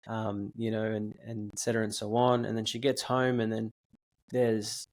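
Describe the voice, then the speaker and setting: A man in his thirties hosting a podcast, telling stories in a rambling, animated way with lots of fillers. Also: fairly low pitch, moderate pace. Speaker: podcast host. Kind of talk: casual podcast chat.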